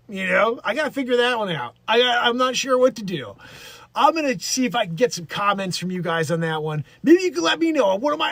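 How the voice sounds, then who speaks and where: Man, live-stream host, high voice, joking, rambling, dry close sound. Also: fairly bright tone, dry recording. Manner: rambling, jokey, laughs at his own bits, puts on voices. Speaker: livestream host. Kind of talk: casual live-stream commentary.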